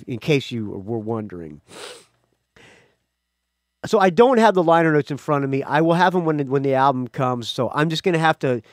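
A man's voice: on the high side, dry recording, clean studio sound. A man hosting his own music podcast, talking casually and rambling, with frequent restarts and asides. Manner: rambling, chatty, self-correcting. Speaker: podcast host. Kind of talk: casual solo podcast talk.

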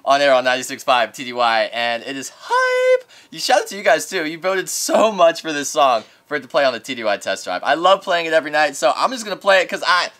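A young man hosting radio, giving an excitable casual reaction to an album in a studio as he rates each track. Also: on the high side, fast, few pauses. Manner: excitable, rates tracks in flames, laughs often. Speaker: radio host reviewing an album. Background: music playing.

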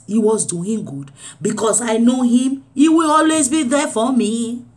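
A woman preaching a sermon, swinging between loud urging and low, quiet lines.

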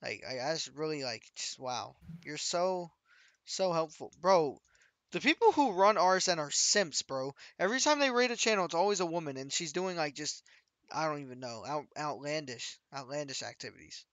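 A man's voice: on the high side, sing-song, moderate pace, a bit bright, no echo. A man streaming a game, chatting casually with his viewers and teasing his friends. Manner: joking, teasing banter with chat and friends.

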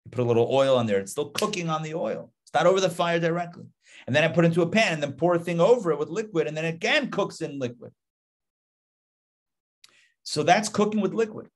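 A middle-aged man teaching a live Torah class in a relaxed, chatty way. His voice sits a little higher than most men's. He asks rhetorical questions and circles back to repeat his points. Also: fast talker. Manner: animated and conversational, with rhetorical questions and repetition. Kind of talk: casual live Torah talk.

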